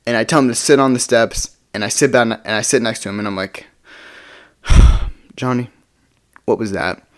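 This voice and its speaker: A man's voice: medium pitch, fast talker, fairly bright tone. A young man telling a casual storytime, rambling and tagging sentences with "right?". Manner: rambling, tags lines with "right?".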